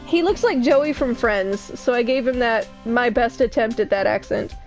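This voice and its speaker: A woman's voice: on the high side, moderate pace, soft background music. A woman streamer chatting casually with joking asides while playing a game. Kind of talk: casual let's-play commentary.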